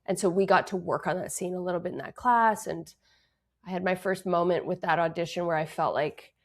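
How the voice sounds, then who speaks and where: A woman's voice: lowish voice, fairly even intonation, brisk. A young woman with a Canadian accent, an actress and dancer, talking earnestly and reflectively as an interview guest. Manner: reflective, earnest, many fillers. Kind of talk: conversational interview.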